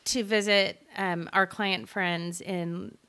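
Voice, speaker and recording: A woman's voice: mid-range voice, steady tone, slow pace, pushed and bright, clean tone. Chatty woman podcast co-host. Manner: storytelling, laughs while telling. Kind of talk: casual chat.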